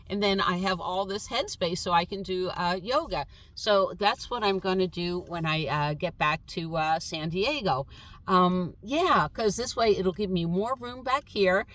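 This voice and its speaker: A woman's voice: medium pitch, a bit bright. Rambling, filler-heavy woman vlogger. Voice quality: voice others compare to a chatty cartoon fish. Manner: meandering, thinking aloud with many uh and um fillers. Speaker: van life vlogger. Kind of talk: casual rambling chat to camera. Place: inside a camper van.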